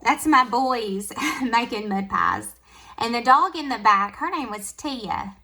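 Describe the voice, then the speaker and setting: Slow-paced and a little high, this Southern US vlogger lovingly shows off her home decor in a relaxed tour. She moves from gentle, tender comments to more lively, upbeat ones.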